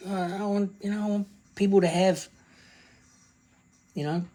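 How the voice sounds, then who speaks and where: A woman's voice: medium pitch, steady tone, unhurried, warm tone. A woman chatting casually to viewers while selling crystals on a live stream, calling out to them by name.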